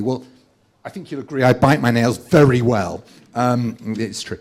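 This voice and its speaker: A man at a live comedy event reads out his complaints one after another in a dry, sardonic tone. His voice sits at an ordinary middle pitch, and he delivers the barbs flatly, as if ticking items off a list. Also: unhurried. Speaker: author reading from his book. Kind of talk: live stand-up reading of a list.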